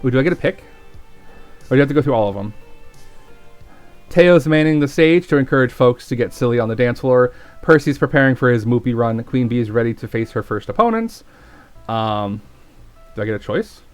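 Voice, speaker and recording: A man's voice: medium pitch, lively intonation, a little fast, long pauses, clear, resonant tone, soft background music. A man streaming, reading a visual novel aloud with casual, chatty asides.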